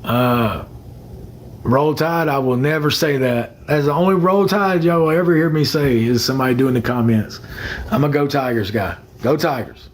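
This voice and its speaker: A man's voice: mid-range voice, normal speed, a little hiss or hum. A young man chatting casually on a phone livestream, rambling and greeting commenters by name.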